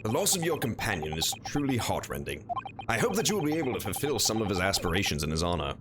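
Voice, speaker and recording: An eccentric, aloof gentleman detective, as a man puts him on, airy and theatrical. The lively voice climbs and dips with each teasing remark. Game music plays underneath. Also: fairly low pitch, fast. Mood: gracious.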